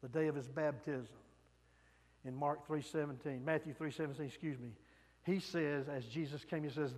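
A man preaching a sermon, swinging from loud emphatic peaks to soft hushed lines. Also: a little high, fairly even intonation, moderate pace, long reverb tail.

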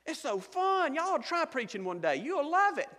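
A man's voice: very high-pitched, big pitch swings, normal speed, pushed and bright, big-room sound. A man with a Georgia Southern accent preaching a humorous sermon as a missionary pastor, telling folksy stories and laughing often. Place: church sanctuary.

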